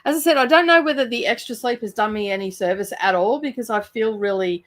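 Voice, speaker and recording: A woman's voice: fairly high pitch, quick pace, fairly bright tone. A woman from Australia with an Australian accent, chatting casually on her home livestream, greeting viewers and laughing often while sounding a little tired. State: sluggish and tired. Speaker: channel host running a reading sprint livestream. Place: home room by her bookshelves.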